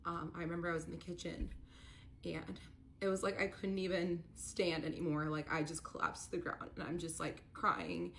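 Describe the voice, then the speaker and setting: A woman's voice: fairly low pitch, little pitch movement, moderate pace, creaky, a bit bright, slight background noise. A woman telling a painful personal story in an earnest, confessional vlog, quoting others and getting emotional as it goes. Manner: emotional, voice rising when upset. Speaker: storyteller recounting a personal ordeal. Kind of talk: personal story vlog, played in a reaction stream.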